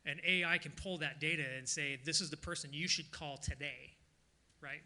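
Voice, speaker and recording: A man speaking casually on a discussion panel, telling stories in an animated way. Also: on the high side. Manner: casual, animated storytelling with quick asides.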